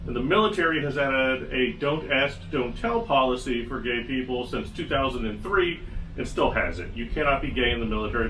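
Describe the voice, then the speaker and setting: A man's voice: medium pitch, background noise. A man hosting his own podcast, talking through a casual solo commentary with sarcastic, wry asides. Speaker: podcast host. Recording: echoey room, mic at a distance.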